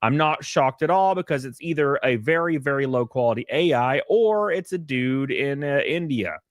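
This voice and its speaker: A man's voice: medium pitch, lively intonation, normal speed, dry recording, studio quality. Aggrieved Southern man telling his story. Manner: aggrieved storytelling, recounting complaints. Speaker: content creator. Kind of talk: explanatory online video.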